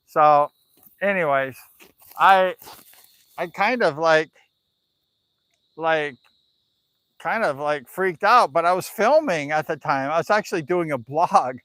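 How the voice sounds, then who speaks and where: A man's voice: sits high, animated, takes it slowly, fairly bright tone, no echo. A man on a live stream telling a spooky story in a casual, rambling way, full of "like" and "you know".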